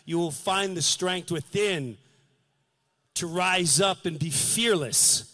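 A male comedian on a live stage, telling a story with earnest, preachy passion and acting out scenes with sudden shouts. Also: high-pitched. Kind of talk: stand-up comedy.

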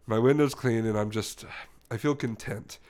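A window cleaner sighs out his contentment after a finished job, as a man puts him on. The voice stays close to ordinary talk, soft and settled. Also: mid-range voice, moderate pace, natural voice. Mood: content. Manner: satisfied, relieved.

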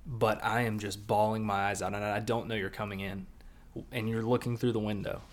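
A man's voice: lowish voice, brisk. A young man co-hosting a podcast, recapping an anime episode in casual, jokey chat and punching up his emphasis. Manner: animated, swings loud on emphasis, jokey. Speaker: podcast co-host.

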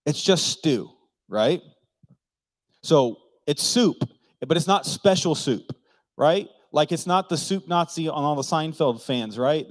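Joking pastor preaching, dry sound. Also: male voice, medium pitch, no room sound. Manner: joking, conversational, asks the crowd questions; acts out quoted voices. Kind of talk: sermon.

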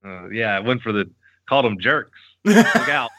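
A man's voice: mid-range voice, big pitch swings, moderate pace, sharp tone, no room sound. A man appearing as a podcast guest, teasing the listeners and mocking himself in casual chat.

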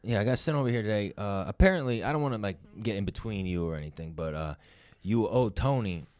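A man playing a rough mob debt collector. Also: fairly low pitch, lively intonation, fast, a little mellow, no room sound, natural voice. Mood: menacing. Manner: hesitant, rough, Italian-American tough-guy talk. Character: male mob debt collector, calm then threatening.

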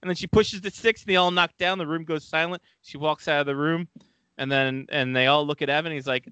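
A man's voice: a little high, fairly even intonation, a little fast, bright, forceful tone, smooth, no room sound. A man hosting a casual sports podcast, retelling stories and acting out the quotes in joking voices. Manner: acts out quotes in put-on voices, jokey. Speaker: podcast host. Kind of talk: casual sports chat, animated storytelling.

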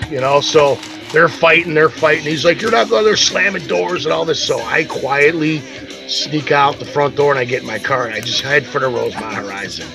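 Music plays behind a podcast co-host whose voice is fairly high and gravelly as he talks a little fast. Telling a rowdy story, he swears without restraint and animatedly voices the people he describes.

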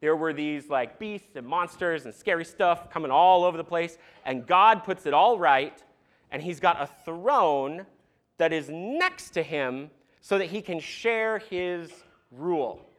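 A young man preaching a sermon to a congregation in a church, animated and conversational with asides to the crowd. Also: a little high, measured pace. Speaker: pastor. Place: church sanctuary.

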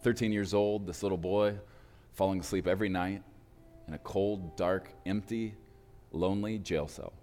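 Brief: male preacher, very deep voice, dramatic pauses, reverberant hall. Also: fairly even intonation, mellow. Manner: dramatic pauses, slowing for emphasis. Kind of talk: sermon storytelling. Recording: reverberant hall with faint music.

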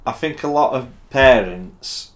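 Guy, rambly and halting, says like a lot, middle pitch. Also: animated. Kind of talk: casual chat.

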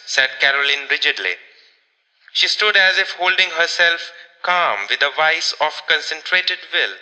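Man narrating an audiobook, bright, lively pitch, reverberant room. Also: a little slow. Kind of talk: audiobook reading of a ghost story.

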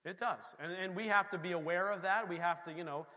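A man preaching a sermon in a church, swinging between loud emphasis and soft, quiet passages. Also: sits high, a little fast, long reverb tail. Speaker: pastor.

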